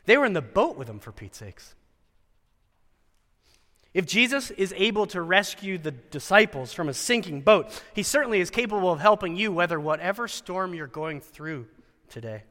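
Animated man preaching in a reverberant hall. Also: a little high. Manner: animated storyteller with wry asides and dramatic quoted voices. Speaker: chapel speaker at a Christian school. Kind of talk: sermon.

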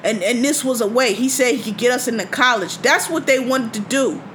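A high-pitched woman hosts a casual podcast. She tells a story in blunt, profane, indignant speech. A faint hum of ambience sits behind her voice. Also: fairly quick, a bit bright. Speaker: podcast host.

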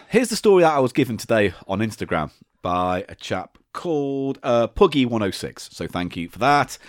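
Lively sweary podcast host. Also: male voice, medium pitch, normal speed, dry recording, clean studio sound. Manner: sweary, jokey, animated. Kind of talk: casual chat.

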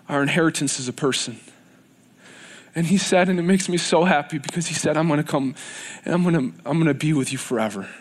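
A man preaching a sermon in a church, earnest and repetitive, building in intensity. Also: on the high side.

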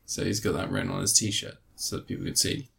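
A man's voice: deep voice, flat delivery, vocal fry, pushed and bright, breathy edge. Rambling sarcastic man recapping a film. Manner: sarcastic, rambling with fillers and quick mock voices. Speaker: film reviewer. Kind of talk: casual film recap chat.

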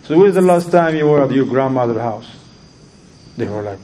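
A man's voice: mid-range voice, normal speed, pauses often, warm tone, rough recording. A man teaching a religious lesson, telling stories and asking his audience questions, often repeating words as he searches for them. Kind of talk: lecture with storytelling.

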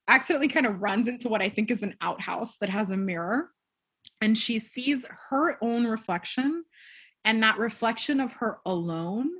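A woman's voice: medium pitch, husky. A woman co-hosting a podcast, recapping a film in casual chat and acting out the characters' lines as she tells it. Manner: animated storyteller, acts out quotes. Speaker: podcast co-host.

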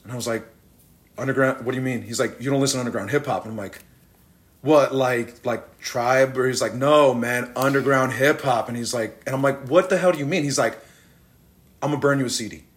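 A man's voice: mid-range voice, moderate pace. A man in his thirties, a rapper as guest, telling stories in a casual interview and acting out the voices of the people he quotes. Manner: animated, acts out quoted voices.

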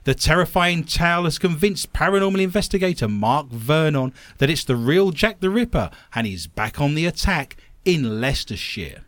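A man's voice: medium pitch, no room sound, clean studio sound. A man hosting a comic radio show, reading odd news stories with sarcastic asides. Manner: joking, sarcastic asides, laughs often.

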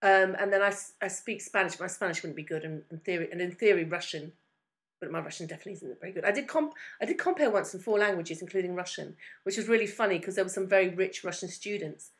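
A British woman co-hosting a podcast, chatting casually and telling quick, self-mocking stories. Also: lowish voice. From Britain. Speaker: co-host. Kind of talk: casual chat.

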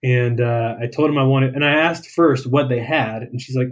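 A young adult man, a dietitian guest in a casual interview, telling relaxed stories and laughing as he goes. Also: mid-range voice, normal speed. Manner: relaxed storyteller, laughs while telling anecdotes.

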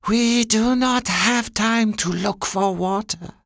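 A man voicing an inhuman, eerie servant of a cruel master in an audiobook, with a high-pitched, flat, cold and curt voice. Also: slow, vocal fry, no room sound, studio quality, full character voice. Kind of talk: audiobook character voice.

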